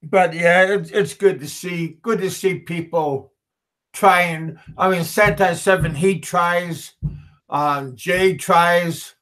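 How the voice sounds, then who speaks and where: A man hosting a casual livestream, reading viewer comments aloud and answering them in a halting way, with frequent repeats and restarts. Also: high-pitched, fairly even intonation, pushed and bright. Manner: slow, chuckling, talks back to chat. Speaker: livestream host.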